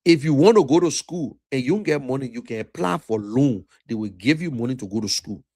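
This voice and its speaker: A man's voice: mid-range voice, expressive, fairly quick, mellow, no echo. A man with a Liberian accent, hosting a livestream and lecturing in an emphatic, repetitive political rant. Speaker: livestream host.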